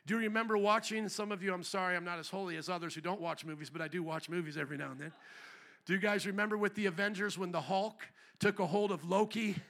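Fiery high-voiced bright male preacher. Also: fast. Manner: fiery preaching, swings from low asides to shouted emphasis. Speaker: pastor. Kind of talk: sermon. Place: church.

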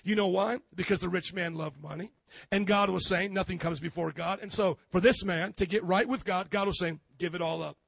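Man, pastor, sermon, high voice, rhetorical questions, emphatic, dry close sound. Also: fairly quick, gravelly, fairly bright tone, no room sound.

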